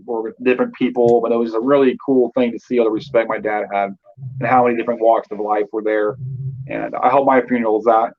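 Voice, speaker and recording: Heard through dull audio, a medium-pitched man in his thirties shares his life story as a guest. He's from Northern California and speaks casually and loosely, using lots of fillers.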